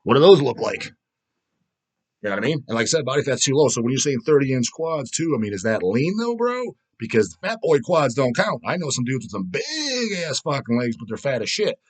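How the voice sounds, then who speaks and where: Man, 30s, vlog host, rapid-fire profane comment rant, mid pitch. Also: very animated, slightly rough. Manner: blunt, profane, laughing, fast-talking. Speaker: channel host reading comments.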